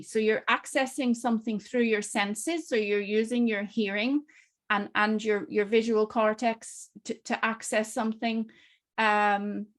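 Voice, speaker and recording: A woman explains things as a panellist on a webinar. She often repeats a word when she restarts a sentence. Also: medium pitch.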